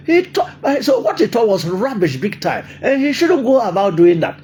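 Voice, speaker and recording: A man's voice: sits high, sing-song, moderate pace, a little mellow, a little hiss or hum. An older man with a Ghanaian accent, delivering an emphatic political monologue, repeating his points and laughing often. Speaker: political commentator.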